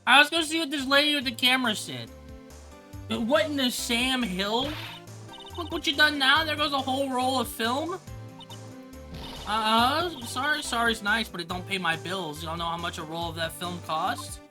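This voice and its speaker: A woman voicing a brash, loud Southern photographer with a put-on drawl, folksy and scolding, over game music. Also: on the high side, normal speed, pitched above the performer's own voice.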